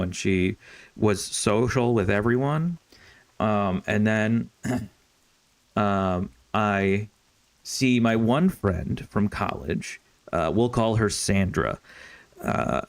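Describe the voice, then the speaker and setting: Rambling, profane young man, low voice. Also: dry recording. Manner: rambling, profane, with many fillers and restarts. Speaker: streamer. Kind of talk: casual storytelling while gaming.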